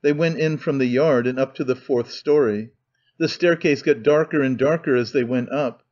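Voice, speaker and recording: A man reading a novel aloud as an audiobook narrator, in steady, measured storytelling. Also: mid-range voice, highs cut off. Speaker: audiobook reader. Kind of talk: scripted narration.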